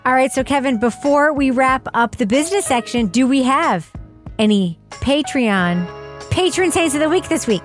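A woman's voice: high-pitched, expressive, moderate pace, soft background music. A woman co-hosting a podcast, talking frankly and casually and swearing now and then. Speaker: podcast co-host.

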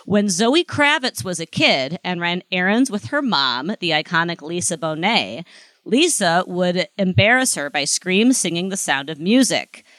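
A podcast co-host reading celebrity trivia items aloud, chatty and quick to laugh. The voice is bright and mid-pitched, and it sounds close and dry. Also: no echo. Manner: lively, chatty, laughs often. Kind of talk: reading gossip items in casual chat.

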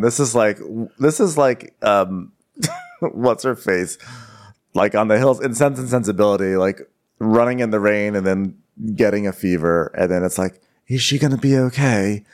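A man co-hosting a podcast, recapping a reality show in a joking, rambling way and laughing often. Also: lowish voice. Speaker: podcast co-host. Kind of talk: casual comedic recap chat.

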